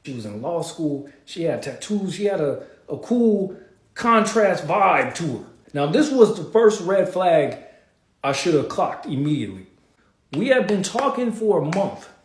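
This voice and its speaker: A man's voice: on the high side, big pitch swings, a little slow. A young man telling a dating-app story to camera in a wry, candid way. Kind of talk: casual storytime vlog. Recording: echoey room.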